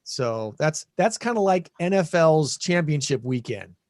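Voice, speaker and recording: A man's voice: a little high, animated, measured pace, dry recording, studio quality. A man with a Midwestern American accent hosting a casual podcast over a video call, rambling and correcting himself as he talks. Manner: rambling, self-correcting, chatty. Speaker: podcast host. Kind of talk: casual chat.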